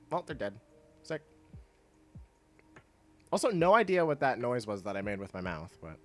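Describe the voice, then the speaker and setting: A man streaming a game, chatting casually with his viewers in a laid-back, rambling way and laughing often, with soft music playing behind him. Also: fairly high pitch. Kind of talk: casual chat while gaming. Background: soft chill music.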